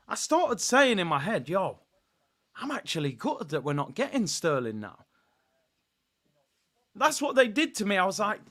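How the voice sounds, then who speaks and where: High-voiced exasperated man ranting. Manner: animated, exasperated rant addressing viewers as people. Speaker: football channel host. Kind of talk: live stream talk to chat.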